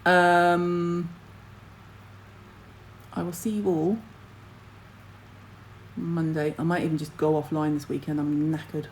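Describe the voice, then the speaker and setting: A woman's voice: low-pitched, little pitch movement, takes it slowly, pauses often, slight background noise, low-quality recording. Chatty, blunt woman host. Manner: chatty, blunt, swears casually, jumps between topics. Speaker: skincare livestream host. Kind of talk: casual livestream chat to viewers.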